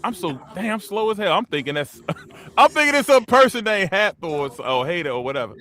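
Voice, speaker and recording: A man's voice: sits high, brisk. A man hosting a podcast, telling stories in a casual, slangy, profane way and acting out the people he quotes with laughs. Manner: animated, acts out quotes with laughs. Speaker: podcast host. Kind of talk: casual storytelling chat.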